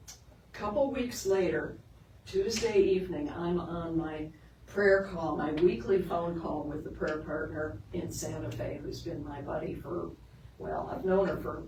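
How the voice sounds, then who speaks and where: A middle-aged woman minister giving a storytelling sermon, lively when telling the story and soft and earnest when making her point. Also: low voice. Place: sanctuary of a spiritual center. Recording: roomy, distant, with background noise.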